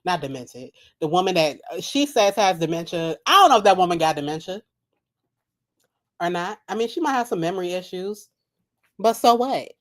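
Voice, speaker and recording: A woman's voice: lowish voice, sing-song, normal speed. Blunt, foul-mouthed woman reacting live. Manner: blunt, profane, laughing at own jokes. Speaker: reaction video host. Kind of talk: casual live reaction commentary. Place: home at night.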